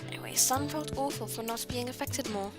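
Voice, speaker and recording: A woman with a somewhat high voice reads her friends' old fan fiction aloud on a livestream. She keeps breaking off to giggle, apologize and comment. Music plays clearly behind her. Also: a little fast. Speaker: streamer. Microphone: streaming mic. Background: music playing.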